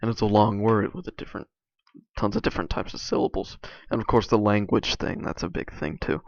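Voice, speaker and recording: A young man chatting casually while playing a game, halting and full of fillers and restarts. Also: lowish voice, fairly even intonation, creaky. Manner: halting, filler-heavy, many restarts and likes. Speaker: video creator. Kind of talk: casual rambling commentary over gameplay. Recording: dull lo-fi mic, dry.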